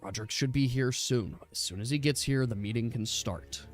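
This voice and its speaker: A man running a tabletop role-playing game as game master, narrating scenes in a relaxed, halting way with many fillers. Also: medium pitch, faint music behind.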